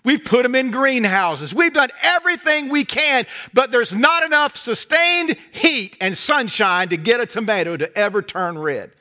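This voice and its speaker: A middle-aged man with a Southern American accent from North Carolina, preaching a sermon with folksy humor and animated storytelling that drops to soft intensity. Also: very high-pitched, normal speed, hardly any pauses.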